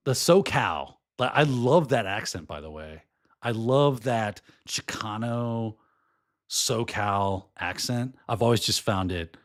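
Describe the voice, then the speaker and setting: A middle-aged man hosting a podcast in casual chat, hoarse and losing his voice, rambling and slipping into put-on accents. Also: medium pitch. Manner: chatty and rambling, often breaking into put-on accents. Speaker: podcast host.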